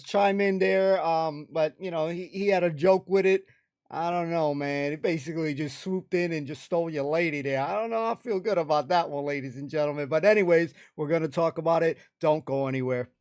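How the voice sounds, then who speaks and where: A man's voice: a little high, a little mellow, no room sound, studio quality. An American man hosting a reaction video, chatting casually and addressing his viewers.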